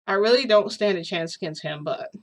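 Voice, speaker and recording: A woman tells a casual story, rambling along with many fillers and restarts. She giggles now and then and talks at an easy, loose pace in a plain, mid-pitched voice. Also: brisk.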